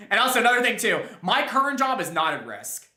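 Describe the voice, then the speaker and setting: A young man chats casually while streaming a game, rambling with lots of restarts and chuckles. His high, sharp voice is very animated and fairly quick, and the recording has a roomy echo.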